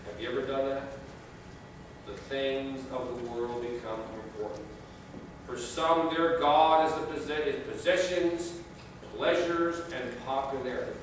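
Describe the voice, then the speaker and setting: A man's voice: mid-range voice, a little hiss or hum. A man preaching a sermon as pastor, telling stories with folksy humor. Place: church sanctuary. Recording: distant mic in echoey church.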